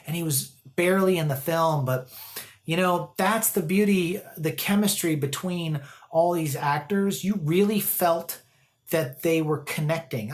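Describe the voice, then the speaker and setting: A man giving a casual, rambling movie review, full of fillers and restarts, who acts out the characters' lines as he retells scenes. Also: on the high side. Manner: animated storytelling, quoting characters. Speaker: film reviewer.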